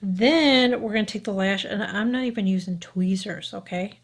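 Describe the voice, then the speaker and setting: A woman's voice: medium pitch, normal speed. A woman in her fifties talking casually through a makeup tutorial, frank and chatty, checking in with the viewer with a constant "okay?" as she works at her mirror. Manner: talks while applying makeup, sometimes drops to a whisper. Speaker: beauty vlogger.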